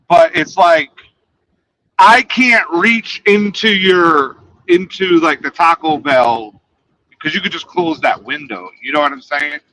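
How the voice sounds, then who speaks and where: A man chatting casually, rambling through a story, his voice fading quietly at the ends of his sentences. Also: a little high, poor audio. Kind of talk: casual chat.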